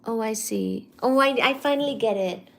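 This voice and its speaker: A woman hosting a casual live stream, reading viewer comments aloud and teasing back in a careful, clearly articulated way. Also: fairly high pitch, moderate pace, a bit bright. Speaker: livestream host.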